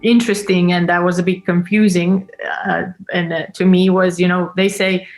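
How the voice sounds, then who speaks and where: Halting woman chatting. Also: lowish voice, level tone, faint music behind. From Finland. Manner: halting, many fillers and restarts. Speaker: co-host. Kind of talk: casual chat.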